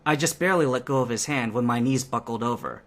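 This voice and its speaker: A man giving a lively, expressive first-person reading of a fan fiction adventure. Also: medium pitch, quick pace.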